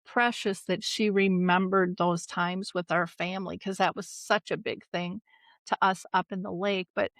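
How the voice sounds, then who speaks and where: A woman's voice: on the low side, fairly even intonation, normal speed, no room sound. A middle-aged woman, a dementia care advocate, earnestly recounting a personal family story with emotion and a few restarts.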